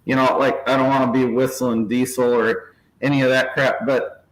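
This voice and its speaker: A man talking loosely over a laptop from a small shop office, which gives his voice a roomy echo. His pitch sits in the middle, and he tells his story in a relaxed, rambling way. He drifts into mock voices and chuckles as he goes. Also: moderate pace. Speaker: channel host. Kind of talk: casual video chat. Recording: echoey room.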